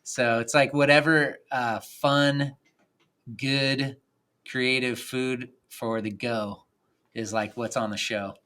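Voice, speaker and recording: A man talking as a podcast guest in casual chat, rambling and animated, with lots of "like" and frequent laughs. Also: medium pitch, slow pace. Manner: animated, rambling, says "like" a lot, laughs often.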